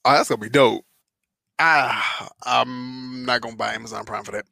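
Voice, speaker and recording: Gravelly, bright-voiced young man joking around. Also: medium pitch, fairly even intonation, moderate pace. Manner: blunt, joking, swears freely. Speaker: podcast co-host. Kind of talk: casual chat.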